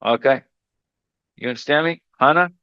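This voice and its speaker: A man chats casually with a group of teenagers, teasing them and then reassuring them with repeated phrases. His voice sits at a middle pitch. The sound is dry and a little dull, as if it comes over a video call. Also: moderate pace, bright, forceful tone, smooth, dry recording. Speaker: mentor hosting a session with teenagers.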